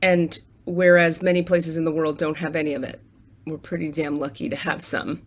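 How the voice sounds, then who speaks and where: An American spiritual coach and tarot reader talks casually to her viewers from her apartment, leading them through a gratitude list. Her voice is low-pitched and flat at normal speed, with a little hiss or hum, and she is candid and chatty, swearing freely and laughing often.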